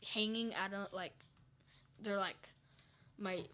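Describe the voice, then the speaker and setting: Bright, chatty woman rambling on. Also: medium pitch, fairly even intonation, slow pace, a little hiss or hum. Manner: rambling, chatty, full of fillers and restarts. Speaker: podcast guest. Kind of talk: casual chat.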